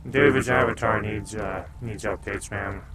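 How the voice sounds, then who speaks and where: A man's voice: lowish voice, fairly even intonation, moderate pace, noisy background. A man live-streaming at home in a laid-back, casual way, chatting to his viewers and telling his dogs to stop barking.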